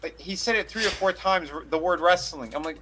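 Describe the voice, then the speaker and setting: A man on a podcast, telling stories in an animated, profane, joking way. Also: a little high, a little fast, background noise. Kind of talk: casual chat.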